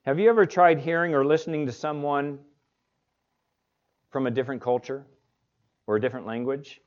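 A man's voice: medium pitch, brisk. A man preaching a sermon in a conversational storytelling way, as a pastor. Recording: dull lo-fi recording.

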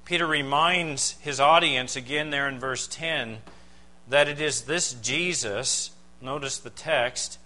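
A pastor delivering a sermon. He preaches emphatically, with dramatic pauses and rhetorical questions. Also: mid-range voice, bright, forceful tone, poor audio.

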